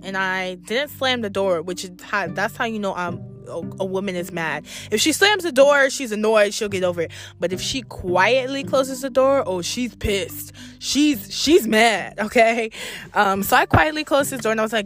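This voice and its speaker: A woman's voice: medium pitch, a little slow, a bit bright, soft background music. A young adult woman telling a story to her camera in a blunt, profane, exasperated storytime rant. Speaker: vlogger.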